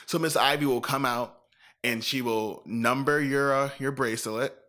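A man in a casual chat, telling a lively, profane story and acting out what people said. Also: medium pitch, normal speed. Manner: animated, profane storytelling with acted-out quotes.

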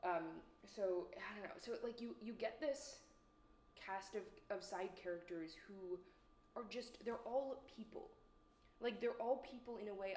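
A woman's voice: medium pitch, a little slow, darkish tone, a little hiss or hum. A woman giving a casual spoken film review at home, rambling and hesitant with lots of fillers and restarts. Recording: echoey room.

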